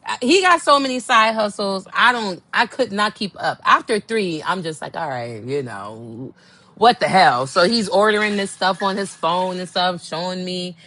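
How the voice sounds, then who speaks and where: A woman's voice: medium pitch, normal speed, few pauses. Sassy woman telling a dating story. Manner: animated, sassy, acts out quotes. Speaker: podcast host. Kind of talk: casual storytelling monologue.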